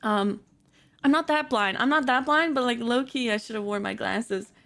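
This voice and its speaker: High-voiced woman telling a story with animated energy. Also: moderate pace, gravelly. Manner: animated, giggly, acts out the people in her story; many fillers and self-corrections. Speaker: streamer telling stories. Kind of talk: casual storytelling chat. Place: home, at her computer.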